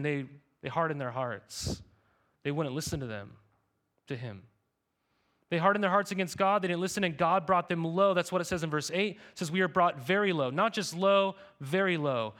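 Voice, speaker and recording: A man's voice: fairly high pitch, fairly bright tone. A man preaching a sermon as pastor, in a casual, conversational way, often checking in with "right?" and "okay?".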